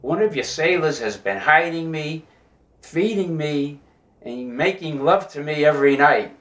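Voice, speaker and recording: A man's voice: a little high, animated, a little slow, fairly bright tone. A man voicing a young stowaway woman in a joke, in a fairly roomy recording. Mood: sheepish. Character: young woman stowaway, desperate then coy. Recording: roomy echo.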